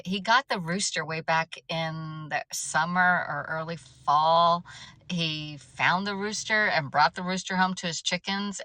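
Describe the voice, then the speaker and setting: A woman's voice: sits low, sharp tone, dry recording, low-quality recording. A woman chatting on a casual livestream, rambling and restarting often as she answers viewer comments. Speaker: livestream host.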